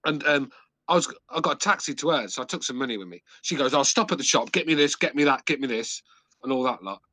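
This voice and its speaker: A middle-aged man with an English accent tells crude, rambling stories on a podcast, swearing at every turn. His voice is bright and forceful. The sound is dry and close, with no room around it. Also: medium pitch, lively intonation, quick pace, no room sound. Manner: swears constantly, rambling anecdotes. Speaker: podcast host. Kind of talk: crude casual chat.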